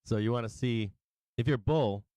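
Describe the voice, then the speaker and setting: A middle-aged man hosts a laid-back stock market livestream, walking through charts while laughing a lot, swearing freely, and sometimes slipping into sing-song chanting. His voice is medium-pitched, mellow, and smooth, recorded dry with no room sound.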